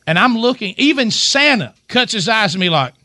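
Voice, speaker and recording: A man's voice: high-pitched, normal speed. A middle-aged man, hosting a radio show and telling a long family story with lots of restarts. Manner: animated storyteller, many restarts. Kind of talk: storytelling casual chat.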